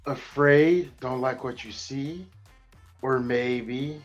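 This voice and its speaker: A man reading the part of a sultry, scheming female Koopa queen in his own deadpan voice. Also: medium pitch, takes it slowly, muffled recording, soft background music, lightly acted. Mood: teasing. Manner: deadpan, flat delivery in his normal voice. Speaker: guest reader.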